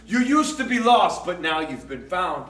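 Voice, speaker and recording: A man preaching a sermon, with a strikingly high and bright voice that carries through an echoing church hall. He tells his story with energy, slipping into other people's voices and shouting the punchlines with a laugh. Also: big pitch swings, moderate pace, distant mic. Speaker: pastor.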